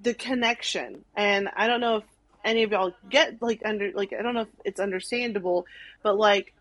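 A young woman from Arkansas, a podcast guest telling a story in animated casual chat, full of "like" and acted-out quotes. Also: mid-range voice, a little fast, no room sound, poor audio. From Arkansas, USA. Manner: animated, many "like"s, acts out quotes.

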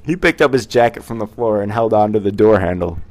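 A man's voice: on the low side, lively intonation, fairly quick, a little mellow, no echo. A man reading the narration of a fan story aloud in a plain, matter-of-fact way.

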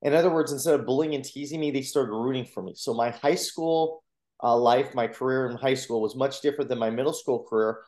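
In a podcast interview, a motivational coach and speaker recounts his own story, earnest and animated as he acts out other people's voices. His voice is at an ordinary middle pitch, a little fast, and the recording has a roomy echo.

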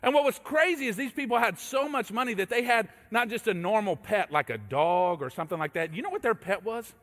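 A high-voiced male pastor delivers a sermon with lively, swooping pitch. He tells stories in an animated way and acts out the voices in them. His voice carries a long echo, as if he is in a large church sanctuary. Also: a little fast. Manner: animated storytelling, acting out voices. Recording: echoey hall reverb.

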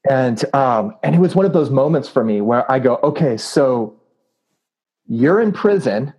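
A man's voice: medium pitch, lively intonation, normal speed, darkish tone, husky, low-quality recording. A man telling a story in a casual interview, earnest and full of fillers. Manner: earnest, with many fillers and laughs. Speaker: anti-trafficking activist and preacher.

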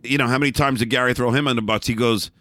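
A middle-aged man as an interview guest, telling candid stories in a blunt, animated way, often restarting and repeating words. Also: mid-range voice, racing, no room sound. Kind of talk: candid storytelling in a conversation.

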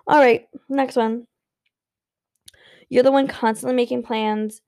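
Brief: tired woman vlogger, frank and foul-mouthed, a bit higher-pitched, with gravelly fry. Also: steady tone, measured pace, a little mellow. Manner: blunt, profane, emphatic, repetitive. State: sleepy and yawning. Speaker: vlogger giving relationship advice. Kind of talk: casual unscripted advice monologue.

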